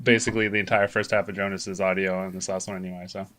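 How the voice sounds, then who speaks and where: A man's voice: low-pitched, level tone, quick pace, a crowd in the background. A man co-hosting a podcast in casual chat, goofy and playful. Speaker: podcast co-host.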